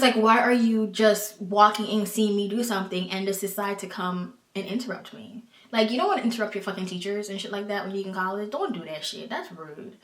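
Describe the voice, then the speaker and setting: A woman's voice: mid-range voice, a bit bright, echoey room. An American woman hosting a podcast, giving frank advice in a blunt, profane, exasperated way. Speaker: podcast host.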